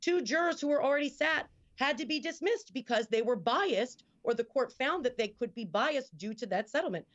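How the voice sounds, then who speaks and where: A woman giving measured political video commentary, played back as a clip. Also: sits high, expressive. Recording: dull lo-fi clip audio.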